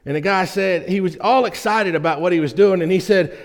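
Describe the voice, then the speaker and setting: A male pastor with a slightly high voice, preaching in a relaxed, folksy way. He keeps checking in with his congregation as he goes. His voice rings with the long reverb of a big church sanctuary. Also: brisk. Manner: folksy, with frequent "right?" check-ins to the congregation. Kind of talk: conversational sermon to a congregation.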